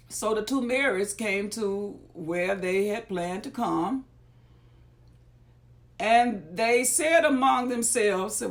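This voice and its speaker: A woman's voice: medium pitch, unhurried, long pauses. A woman reading Bible verses aloud and stopping to explain them in folksy, conversational asides. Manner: paraphrases scripture in everyday talk. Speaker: Bible reader and teacher. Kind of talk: scripture reading with casual commentary.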